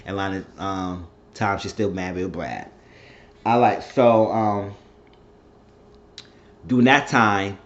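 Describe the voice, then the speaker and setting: Animated man recapping a TV episode. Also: dull audio. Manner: animated retelling, acting out characters' lines with big jumps in pitch. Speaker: TV recap host.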